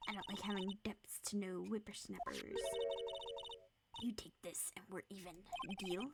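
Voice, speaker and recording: A woman's voice: medium pitch, fairly even intonation, moderate pace, heavy background noise, lightly acted. A woman putting on a huffing cranky old lady. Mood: grumbling. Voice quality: huffing and puffing, sighing. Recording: loud game music behind.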